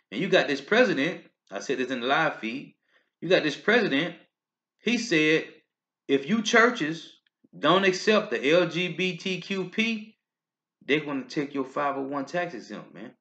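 Preaching from scripture on video, the street preacher has a bright, forceful voice on the high side. He speaks in emphatic, rising-and-falling bursts, tagging lines with "man, okay?" The recording is dull and lo-fi.

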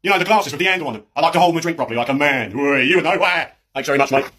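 A man playing an impatient, fussy British pub regular who grumbles at the bar staff, with a husky voice, in a comedy sketch. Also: on the high side, racing, bright, forceful tone. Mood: grumbling. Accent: British English. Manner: grumbling, cheeky, keeps calling people mate.

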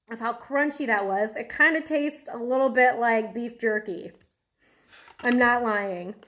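A woman's voice: on the high side, a bit bright. A woman vlogging to the camera as she tries a strange food, nervous and giggly, laughing through her fear. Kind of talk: casual food-tasting vlog.

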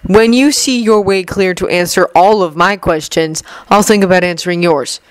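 A woman's voice: on the low side, normal speed, clear, resonant tone, dry recording, close to an everyday voice, poor audio. A defiant teenage boy wizard, curt and resentful, read by a woman in a close, dry recording. He sounds fed up and guarded, snapping back at his friends. It is a plain, lightly acted storybook voice.

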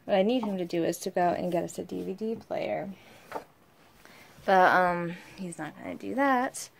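A woman's voice: on the low side, normal speed, vocal fry, background noise. A young woman filming at home as a mother, chatting casually and venting, quoting her partner in mock voices. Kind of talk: casual home vlog chat. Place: home, indoors.

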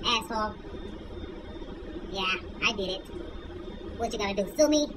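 A woman's voice: mid-range voice, lively intonation, a little slow, background noise, lightly acted. A woman voicing a crude, boastful male chihuahua in a comedic talking-dog skit, with slangy, profane, cheeky talk.

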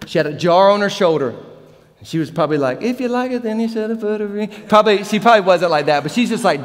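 A man in his thirties preaching a sermon as pastor, animated and joking, acting out the Bible characters in different voices. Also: high-pitched, big-room sound. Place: large church hall.

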